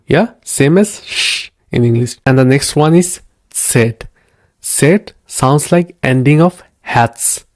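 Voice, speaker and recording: A man's voice: mid-range voice, a little slow, no room sound, clean studio sound. A man teaching beginner German from slides, patiently repeating each word and checking in with "yeah?" and "okay?". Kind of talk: slide-based language lesson.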